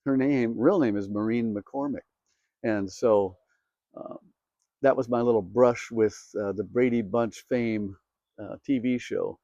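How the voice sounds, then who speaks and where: A middle-aged country singer and host from Minnesota tells a story to camera in a chatty, self-amused way packed with fillers. His mid-range voice is dark in tone and a little slow, recorded with no echo and the highs cut off.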